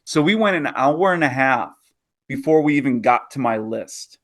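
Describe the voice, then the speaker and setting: A man's voice: mid-range voice, animated, normal speed, fairly bright tone. A man co-hosting a podcast in casual chat, playful and teasing. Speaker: podcast co-host.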